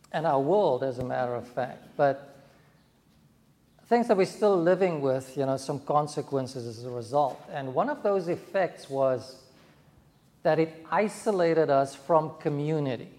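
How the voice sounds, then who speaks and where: A man speaking as a pastor to his congregation, gentle and measured. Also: a little high. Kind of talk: sermon. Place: church. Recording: echoey church hall.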